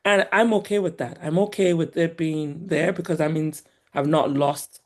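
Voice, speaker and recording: A woman with a Nigerian accent softened by years in the US, talking as a guest in an animated, emphatic way and laughing often. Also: low voice, normal speed. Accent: Nigerian, polished by years in the US. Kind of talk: casual conversation.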